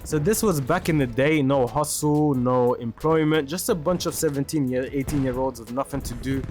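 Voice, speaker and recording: A young man's slightly mellow, medium-pitched voice carries a slangy, casual story at normal speed as he streams a game, occasionally stopping to react to it. Game music and gunfire play in the background.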